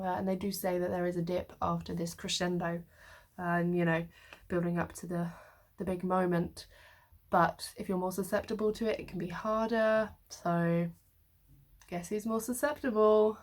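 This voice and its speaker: Girl in her twenties vlogging from her bedroom floor, rambly and wry, pokes fun at herself. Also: lowish voice. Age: 20s. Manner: rambling, wry and self-mocking. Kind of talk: casual chat to camera.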